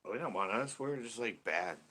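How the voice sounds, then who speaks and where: Bright and forceful in tone, a fairly low-pitched Californian man talks a little fast and with plenty of expression. He's a fishing channel host on a casual live stream, rambling, joking with viewers, and laughing often.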